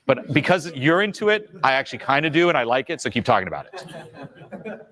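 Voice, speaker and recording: Animated man giving social advice. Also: a little fast. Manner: lively, expressive, swings in pitch. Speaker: social skills coach.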